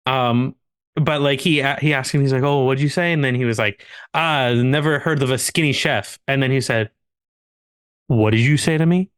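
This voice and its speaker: A man's voice: medium pitch, fairly even intonation, moderate pace, fairly bright tone, clear, resonant tone. A man co-hosting a podcast, telling a long anecdote casually among friends, full of restarts and laughter. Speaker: podcast co-host.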